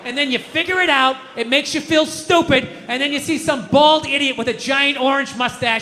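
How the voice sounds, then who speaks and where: A man's voice: very high-pitched, normal speed, few pauses, a loud crowd, heavy background noise. A middle-aged man doing stand-up comedy, ranting in an exasperated, profane way. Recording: live stage mic in a large hall. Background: audience laughter.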